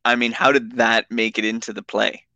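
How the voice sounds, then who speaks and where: A man's voice: medium pitch, flat delivery, normal speed, pushed and bright. A man interviewing a guest, reacting briefly and asking follow-up questions. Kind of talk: conversational interview.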